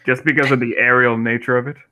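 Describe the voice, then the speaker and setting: A man's voice: medium pitch, fairly even intonation, fast talker, bright, forceful tone. A man co-hosting a casual gaming podcast, explaining his views thoughtfully and at length. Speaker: podcast co-host.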